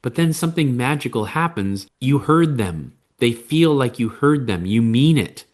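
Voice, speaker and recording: Male guest, parenting coach, conversational, slips into voices for his examples, mid-pitched. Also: animated, moderate pace. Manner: conversational, explains with acted-out quotes. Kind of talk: podcast interview.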